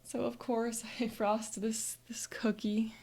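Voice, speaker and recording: A woman's voice: a little high, little pitch movement, slow, a little mellow. A woman coach narrating a guided visualization as an upbeat present-tense memory.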